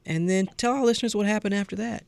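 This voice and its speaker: Host: man, smooth and dry voice, light teasing tone. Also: high-pitched, fast talker, dry recording. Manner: playful, teasing questions. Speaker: radio show host. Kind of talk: interview hosting.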